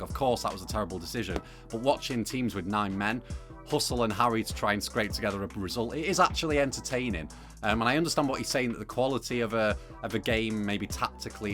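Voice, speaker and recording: A young man delivers his football opinions straight to camera in a relaxed, chatty way, dotted with ums and asides. His voice sits on the low side. Soft music plays faintly beneath him. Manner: conversational, opinionated, with frequent fillers. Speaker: football video presenter.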